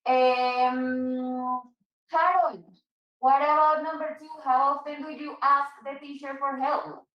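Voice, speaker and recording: High-voiced woman teaching English in an echoey room. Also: steady tone, slow pace, far from the mic, highs cut off. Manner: patient, switches to Spanish to explain. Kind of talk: online English class.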